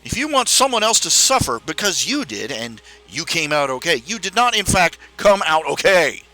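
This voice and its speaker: A man's voice: on the high side, very animated, normal speed, bright, forceful tone, faint music behind, rough recording. A man hosting a casual talk stream, ranting with many restarts and jumping into raised, mocking voices when he quotes his parents. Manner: rambling with restarts. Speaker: podcast host. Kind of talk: casual rant.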